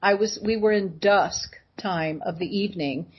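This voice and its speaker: A woman's voice: medium pitch, moderate pace, breathy edge, muffled recording. A woman guest telling personal stories, acting out the voices of the people in them. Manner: animated storyteller acting out voices. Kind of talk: personal storytelling.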